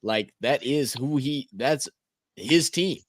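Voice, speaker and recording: A man talking sports casually as co-host, telling a story in an earnest, relaxed way. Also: medium pitch, slow, no room sound, studio quality.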